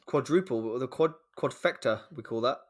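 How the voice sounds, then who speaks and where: A man's voice: medium pitch, a little fast. A man co-hosting a comedy podcast, reading a story and joking around in a laid-back way. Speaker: podcast co-host and reader. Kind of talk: casual chat and story reading.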